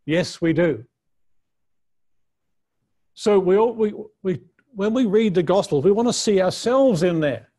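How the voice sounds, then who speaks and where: A man's voice: sits high, expressive, unhurried, pauses often, warm tone. A man teaching a conference session on the Bible, earnest and unscripted, often restarting his sentences as he thinks aloud. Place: conference room.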